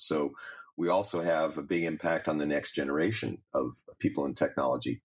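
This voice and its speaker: A man who heads a large technical organization, giving measured, explanatory interview answers and listing examples. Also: sits low. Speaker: guest, president of a technical professional organization.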